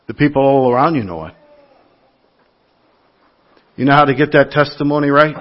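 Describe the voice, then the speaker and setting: A man's voice: mid-range voice, moderate pace, highs cut off. A man preaching a sermon to his congregation, telling everyday stories in an earnest, conversational way. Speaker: lay preacher.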